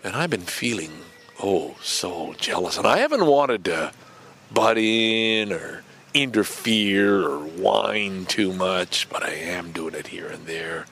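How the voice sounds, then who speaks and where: A man's voice: sits low, animated, slow pace, gravelly, fairly bright tone, a little hiss or hum. A middle-aged man hosting a podcast from a park bench, chatting in a rambling way and acting out both sides of an imagined conversation. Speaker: podcast host. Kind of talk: casual rambling monologue.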